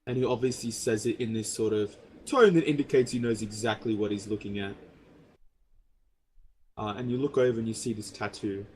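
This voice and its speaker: Halting man narrating a tabletop game. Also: lowish voice, darkish tone, slight background noise. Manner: halting, filler-heavy, self-correcting narration. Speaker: game master.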